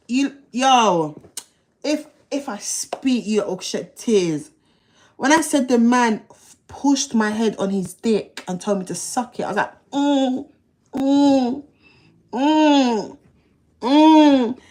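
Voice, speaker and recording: A woman, hosting a livestream and speaking in a fairly high voice. Her delivery is blunt and slangy, full of swearing, and she repeats phrases as she tells her story. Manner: blunt, slangy and profane, with many repetitions. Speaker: livestream host.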